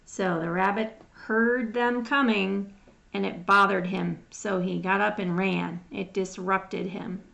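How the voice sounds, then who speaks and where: A woman teaching phonics, sounding out words one at a time in a patient, drawn-out way as she reads through a lesson. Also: mid-range voice, steady tone, gravelly, fairly bright tone. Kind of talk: slow phonics lesson reading.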